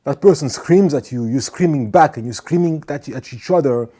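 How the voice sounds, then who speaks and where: A motivational speaker with a medium-pitched, slightly rough voice talks at a moderate pace. He is earnest, repeating his points and phrases, and now and then acts out angry, shouting people.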